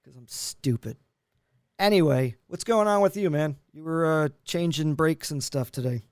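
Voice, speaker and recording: A man's voice: a little high, normal speed, no room sound, clean studio sound. A man co-hosting a podcast in casual chat, joking and self-deprecating, swearing casually. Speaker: podcast co-host.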